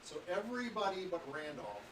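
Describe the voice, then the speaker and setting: A man running a tabletop game as dungeon master, talking haltingly with fillers and restarts. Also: sits high, sing-song, a bit bright. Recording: echoey room, mic far off, noisy.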